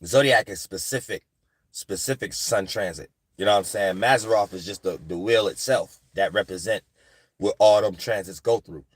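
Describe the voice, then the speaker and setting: A man's voice: on the low side, moderate pace, husky, dry recording. Man, casual spiritual monologue, rambling, dry room. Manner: rambling, repeats "you know what I'm saying". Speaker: astrology channel host.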